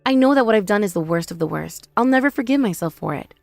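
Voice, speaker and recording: A woman's voice: medium pitch, animated, fast talker, gravelly, a little mellow, no room sound, soft background music. A woman voicing a remorseful young sister-in-law who pleads and whines for forgiveness. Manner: pleading, whiny, self-pitying.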